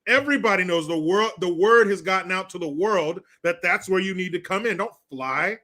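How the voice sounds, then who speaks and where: A man's voice: sits high, brisk, pushed and bright. A man hosting a live stream, ranting through political commentary in a crude, sarcastic way and swearing freely. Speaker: livestream host.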